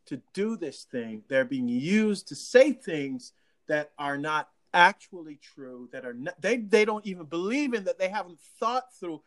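A local official talking casually to residents in an animated way, laughing often and restarting sentences. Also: mid-range voice. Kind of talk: casual livestream talk.

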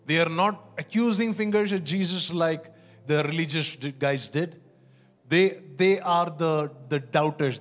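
Earnest preacher, higher-voiced man. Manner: earnest, emphatic, repeats words, asks the congregation questions. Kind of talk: sermon.

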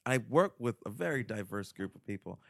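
A man from Ghana in a casual film discussion on a podcast panel, talking in an animated way. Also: on the low side, brisk, gravelly, no room sound, studio quality. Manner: animated, acts out quotes with laughs.

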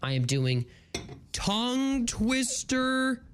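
Radio morning host, sing-song swooping voice, unhurried delivery, close studio mic, laughs at own stumbles. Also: mid-range voice, slight background noise. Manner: animated, laughing at own slip-ups; dyslexic, stumbling through tongue twisters. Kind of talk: playful solo on-air banter. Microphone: studio broadcast mic, close.

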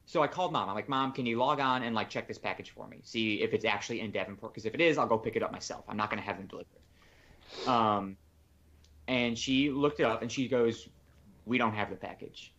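A man co-hosting a casual podcast, rambling through a long story and acting out the phone calls he made. His voice sits at an ordinary middle pitch. The recording sounds somewhat dull and lo-fi. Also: fast, a bit bright. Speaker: podcast co-host. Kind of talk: casual chat.

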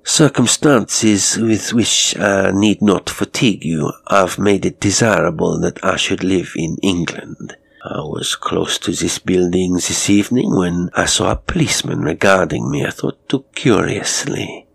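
A man voicing a suave, menacing male murderer who speaks politely, formally and with quiet mockery, with a faint foreign accent. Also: deep voice, unhurried, creaky, breathy edge, full character voice. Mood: urbane, mocking. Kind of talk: storytelling.

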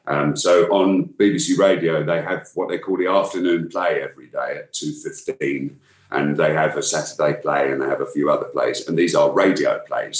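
A man's voice: very deep voice, echoey room. A man with a London accent, a voice actor chatting enthusiastically as an interview guest, often restarting his sentences. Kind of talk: casual interview chat.

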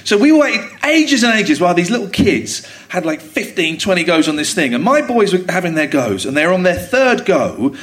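A middle-aged man, a guest on a live comedy podcast, telling stories in an animated way and swearing freely. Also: high voice, moderate pace, hardly any pauses. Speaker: podcast guest, radio presenter. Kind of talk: anecdotal chat. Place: theatre stage before a live audience.

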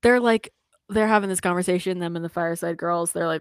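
Chatty young woman, low-pitched, dry. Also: brisk, clean tone, dry recording. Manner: chatty, incredulous, laughs often, acts out quoted lines. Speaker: podcast co-host recapping a cartoon episode. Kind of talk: casual chat.

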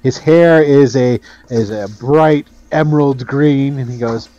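A man narrating as game master in a tabletop game, lively and full of fillers. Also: mid-range voice, a little slow, hardly any pauses, muffled recording. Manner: lively, many fillers and character voices.

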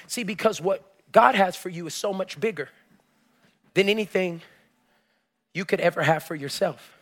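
A man preaching as pastor, telling a personal story and building to shouted exhortation. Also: high-pitched, moderate pace, pauses often. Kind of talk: sermon.

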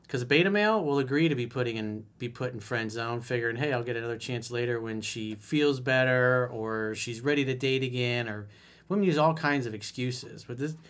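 A dating coach talks straight to his listeners in a blunt, emphatic, conversational way. This man has a mid-range pitch and reads out messages before picking them apart. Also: fairly bright tone. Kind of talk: solo advice monologue.

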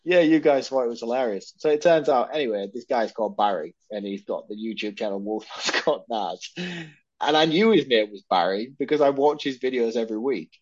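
A man's voice: mid-range voice, lively intonation, brisk, dry recording, highs cut off. A man co-hosting a podcast in casual chat, telling rambling, self-mocking stories. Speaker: podcast co-host.

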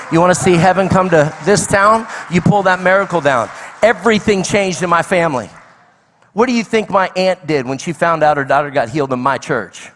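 Animated male preacher in a reverberant hall. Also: on the high side. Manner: animated storytelling with acted-out quotes. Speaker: guest preacher. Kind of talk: sermon. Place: large church hall.

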